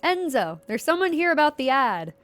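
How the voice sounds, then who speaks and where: A woman voicing a friendly young woman at a pizzeria, bright and welcoming, reading game dialogue aloud. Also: high voice, big pitch swings, normal speed, no echo, voice pushed up.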